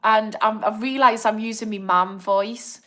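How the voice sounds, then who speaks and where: A woman's voice: medium pitch, fairly even intonation, a little slow, sharp tone. A young woman with a Northern English accent, hosting a live stream and chatting casually while reading out viewer comments. She is apologetic and encouraging and laughs easily. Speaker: livestream host.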